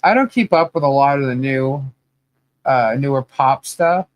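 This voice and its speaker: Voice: medium pitch, unhurried, no room sound, lo-fi sound. A podcast host in a casual, rambling trivia chat, laughing often as they talk.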